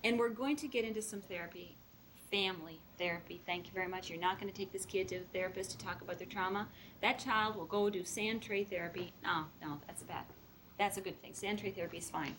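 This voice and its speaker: Lively woman lecturing foster parents. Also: medium pitch, fast talker, a little hiss or hum. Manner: lively, acts out quoted voices. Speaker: speaker training foster parents.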